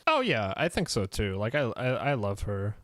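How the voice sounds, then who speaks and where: A man hosting a casual podcast chat, excitable and quick to laugh, often acting out quotes in a jumped-up voice. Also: on the low side, dry recording. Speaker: podcast host.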